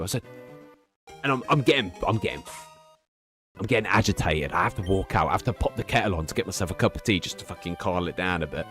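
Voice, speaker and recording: Low-voiced streamer, blunt and profane. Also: male voice, lively intonation, quick pace, a bit bright, soft background music. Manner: candid, profane, rambling storytelling with restarts. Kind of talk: casual live-stream chat.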